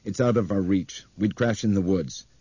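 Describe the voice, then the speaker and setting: A man voicing an airline pilot who speaks flatly and keeps tight control of his fear. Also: low voice, normal speed, breathy edge, dry recording, dull audio. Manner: flat, clipped. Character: tense airline pilot staying flat and controlled.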